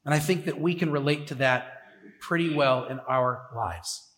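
A man's voice: mid-range voice, normal speed, fairly bright tone. A man preaching a sermon in a conversational way, with emphatic repetitions, in a church sanctuary. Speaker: pastor. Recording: echoey hall with long reverb.

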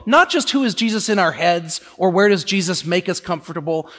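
Man, preacher, sermon, lively high voice, conversational, long reverb. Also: brisk. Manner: animated, conversational, acts out quoted voices.

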